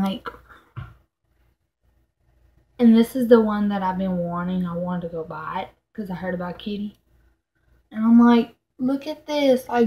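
A young woman filming a casual unboxing vlog at home on a distant camera mic, exasperated and swearing, saying "like" constantly. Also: mid-range voice. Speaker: vlogger.

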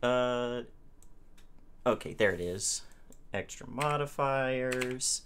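A man speaking as a player in a tabletop game, describing actions deliberately. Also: mid-range voice, fairly bright tone, smooth.

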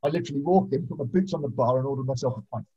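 A man's voice: mid-range voice, racing, warm tone, slightly rough. A man who referees rugby, telling blunt, sweary stories over a video call. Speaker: rugby referee, podcast regular. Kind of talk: casual storytelling chat. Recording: muffled lo-fi video call audio.

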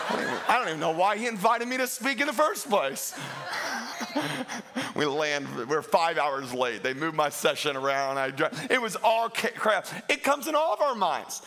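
Male pastor, sermon delivery; high-pitched, animated storyteller who mimics voices. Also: normal speed, background noise. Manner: animated storytelling with self-mocking humor and laughs; acts out quoted voices.

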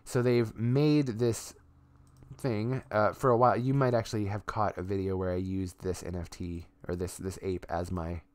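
A man's voice: lowish voice, little pitch movement, normal speed, no echo. A man streaming live and chatting casually as he shows things on screen. He rambles with lots of fillers and restarts and swears offhandedly. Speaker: streamer and artist.

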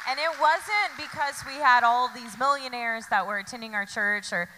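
Bright-voiced pastor's wife. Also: female voice, fairly high pitch, normal speed, a little hiss or hum. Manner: affirming, supportive interjections. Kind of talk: sermon. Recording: church hall reverb.

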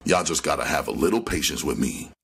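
A man voicing a sharp, husky, sinister elderly woman in a read-aloud crime novel. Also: rumbling low, expressive, fast talker, heavily acted. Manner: sharp, harsh. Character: harsh sinister elderly woman running a numbers route.

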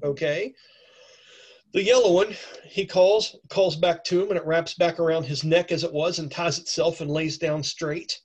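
A man's voice: on the high side, fairly even intonation, slightly rough. Man running a casual tabletop game. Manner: casual, halting, with fillers. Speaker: game master.

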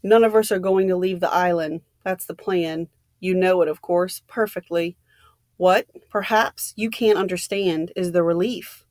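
A woman's voice: mid-range voice, measured pace, few pauses, no room sound, studio quality, natural voice. A woman reading as a weary old general. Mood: grave. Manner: gentle, musing, grave. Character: old male army general, quiet and weary.

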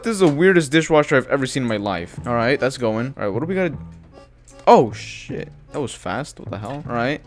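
A young man giving jumpy, excitable let's-play commentary on a horror game, swearing often and calling the viewer dude. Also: medium pitch, fairly quick, soft background music. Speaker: gaming video creator. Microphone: headphones and desk mic.

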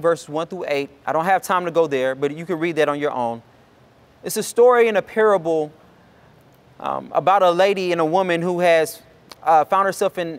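A man preaching a sermon, casual and conversational, acting out the people in the story. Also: high voice. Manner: acts out Bible characters in lively voices. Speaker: pastor.

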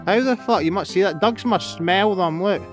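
Scottish guy walking his dog on the beach, high-pitched, swears a lot, talks to the dog. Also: normal speed, faint music behind. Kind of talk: casual chat while walking outdoors. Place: outdoors on a beach.

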